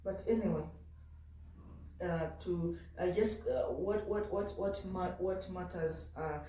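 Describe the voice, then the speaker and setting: A woman's voice: fairly low pitch, takes it slowly, mellow, a little hiss or hum. A woman, a mother, chatting casually in a home vlog, sounding tired and talking to her baby in between. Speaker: vlogger and mother. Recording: echoey room, mic at a distance.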